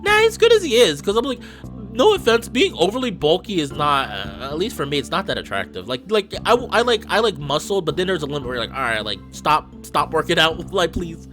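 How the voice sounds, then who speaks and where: A young man chats over a visual novel in a loose, rambling way, restarting sentences and getting excited. His voice sits fairly high for a man and swings widely in pitch. A faint music track plays underneath. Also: fast talker. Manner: rambling, self-interrupting, excitable. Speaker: let's play host. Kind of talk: casual game commentary.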